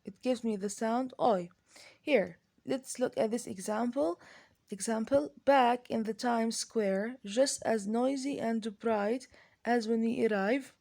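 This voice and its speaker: A woman with an Arabic accent teaching an English grammar lesson, speaking slowly and deliberately, with many pauses, fillers and restarts, and switching into Arabic to explain. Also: a little high, mellow.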